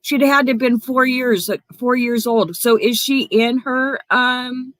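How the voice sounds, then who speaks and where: A woman's voice: fairly high pitch, steady tone, unhurried, fairly bright tone, no room sound. A woman hosting her own livestream, angrily calling out people by name with lots of swearing. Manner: confrontational, swearing, calls out viewers by name. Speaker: livestream host. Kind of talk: angry livestream rant.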